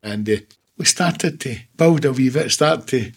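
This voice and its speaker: A man's voice: medium pitch, animated, measured pace, husky. A Scottish man in his seventies, a former football manager, telling stories in a casual interview, blunt and swearing freely with laughs between. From Scotland. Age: 70s.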